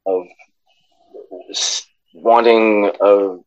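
A man talking as a podcast guest, halting and thoughtful, with many restarts. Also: lowish voice, flat delivery, no room sound, highs cut off. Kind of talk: casual chat.

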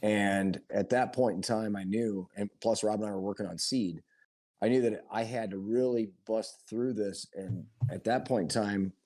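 A man being interviewed as a guest, talking about his film project in an earnest, halting way with frequent restarts. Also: lowish voice, fairly even intonation, darkish tone. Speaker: guest filmmaker and performer. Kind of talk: casual conversational interview.

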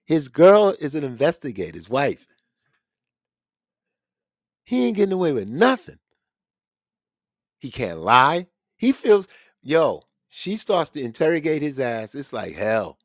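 Animated, profane man ranting on a podcast. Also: a little high, measured pace, pauses often, dry recording, studio quality. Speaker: podcast host. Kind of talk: casual profane commentary.

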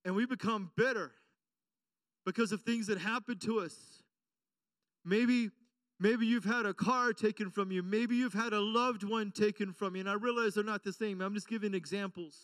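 A man's voice: high-pitched, steady tone, moderate pace, a bit bright, no room sound, recorded from a distance. A man preaching as pastor, emphatic and repetitive, often checking in with the congregation. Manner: emphatic preaching with repeated call-and-response questions. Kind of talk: sermon. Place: church.

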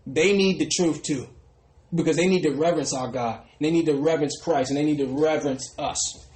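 A man preaching a sermon who often trails off into a soft "brothers and sisters". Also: fairly high pitch, reverberant, low-quality recording. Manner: ends phrases with a dropping, quiet "brothers and sisters". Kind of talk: street sermon.

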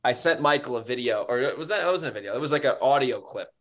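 Man, New York accent, podcast co-host, animated storyteller, mid pitch, casual swearing. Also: quick pace.

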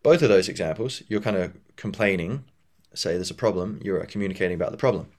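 Male podcast host, lowish voice, loose rambling solo monologue. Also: expressive, quick pace, darkish tone. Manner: rambling, full of fillers and restarts.

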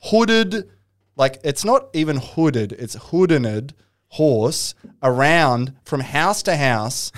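A man's voice: mid-range voice, animated, takes it slowly, few pauses, a bit bright. A man telling a rambling story in casual podcast chat, swearing casually.

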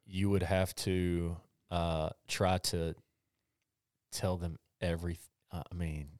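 A middle-aged man with a very low voice co-hosts a podcast. He talks haltingly and with emotion, stumbling and restarting. The recording is dry and close. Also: little pitch movement, a little mellow, dry recording. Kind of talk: casual conversation about faith.

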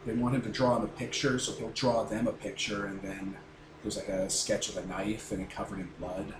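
A man's voice: lowish voice, level tone, brisk. Rambling male game master, echoey room. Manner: rambling, filler-heavy explaining. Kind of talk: narrating a tabletop game. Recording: roomy echo, noisy background.

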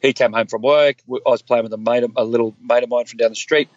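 A man's voice: mid-range voice, quick pace, no echo, dull audio. Earnest man telling stories. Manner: earnest, animated, acts out quoted dialogue. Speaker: guest, former police officer. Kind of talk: candid conversational storytelling.

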